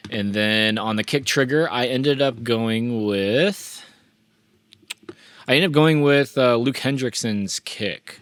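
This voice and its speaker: A man hosting a relaxed mixing tutorial, talking through his plugin settings with frequent restarts and fillers. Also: mid-range voice, takes it slowly. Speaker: mixing engineer and tutorial host. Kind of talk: casual screen-share mixing walkthrough.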